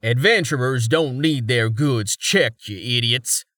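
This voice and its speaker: A man's voice: medium pitch, slow pace, fairly bright tone, no room sound, studio quality, distant mic. A man putting on a rude barking constable. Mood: impatient barking. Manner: barking, impatient. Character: gruff rude male town constable.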